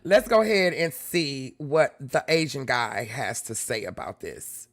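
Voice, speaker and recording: A man's voice: medium pitch, sing-song, unhurried, dry recording. A man hosting a live stream, talking to his chat in an emphatic way, repeating lines and swearing freely. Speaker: livestream host.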